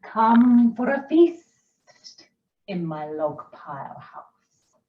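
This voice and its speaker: A woman voicing a sly male snake, speaking low and drawn out. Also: very animated, extremely slow, roomy sound, phone-quality sound, full character voice.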